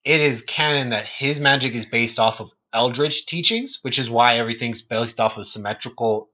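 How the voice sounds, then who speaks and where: A man co-hosting a podcast in casual chat, an animated storyteller who acts out scenes and swears freely. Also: mid-range voice, normal speed, lo-fi sound. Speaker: podcast co-host.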